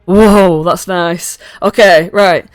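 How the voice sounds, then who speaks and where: Woman as game master, casual sweary narration, smooth close dry sound. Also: fairly low pitch, fairly even intonation, takes it slowly, dry recording, soft background music. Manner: casual and swearing, with many fillers. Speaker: dungeon master.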